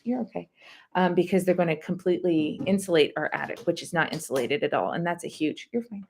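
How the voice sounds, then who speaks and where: A rambling woman hosts a relaxed live-stream chat, answering viewers' comments between stories. Her low voice carries a gravelly fry, and she talks fast over slight background noise.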